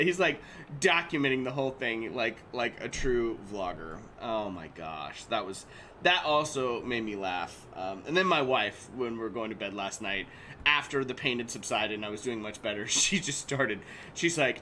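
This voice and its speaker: A man's voice: on the high side, expressive, normal speed, sharp tone, a little hiss or hum. A man in his thirties hosting a casual crafting livestream, chatty and laughing often as he reads chat aloud.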